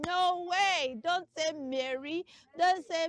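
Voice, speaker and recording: In a comic classroom skit, a woman plays an over-the-top pronunciation teacher who drills her class with emphasis and spells names out one letter at a time. Her voice sits high, her pace is slow, and her tone is fairly bright.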